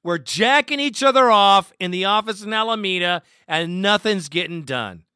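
A man's voice: sits high, animated, normal speed, pushed and bright, smooth, no echo, clean studio sound. A man hosting a sports talk show, ranting in a heated, profane way and taking listener calls. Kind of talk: angry fan talk show rant.

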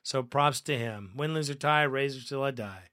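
Loud bright guy ranting on his fan podcast, cussing a lot, dry close mic. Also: medium pitch, normal speed, no room sound. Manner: profane, excitable, laughs often. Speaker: podcast host reading fan comments. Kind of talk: casual podcast commentary.

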